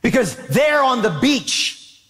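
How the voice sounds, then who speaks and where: High-voiced, animated male pastor preaching. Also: takes it slowly. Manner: animated, emphatic preaching with rhetorical questions. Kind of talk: sermon.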